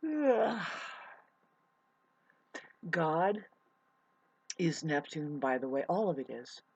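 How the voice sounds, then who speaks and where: A woman's voice: deep voice, very animated, very slow, darkish tone, slightly rough, no room sound, poor audio. A woman doing a rambling, improvised comic monologue in a put-on, hammy mock accent, with theatrical exclamations and sudden swearing. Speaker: comedian.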